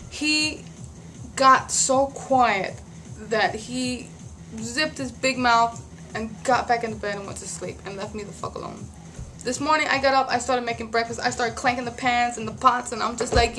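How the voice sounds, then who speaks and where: A woman's voice: on the high side, steady tone, normal speed, fairly bright tone, a little hiss or hum. Heated, profane woman vlogging. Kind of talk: casual venting vlog.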